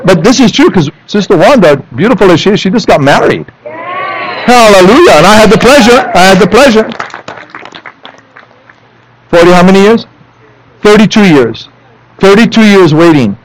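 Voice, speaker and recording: A man preaching a sermon in church, animated, rising into loud emphatic lines and dropping to low asides for the congregation. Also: moderate pace, long pauses, a little hiss or hum, low-quality recording. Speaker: pastor. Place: church sanctuary.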